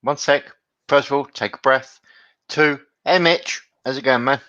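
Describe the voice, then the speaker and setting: A man chatting calmly, telling his co-host to take a breath. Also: mid-range voice, moderate pace. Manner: calm, teasing, interjecting. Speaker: podcast co-host. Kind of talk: casual banter. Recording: dull lo-fi sound.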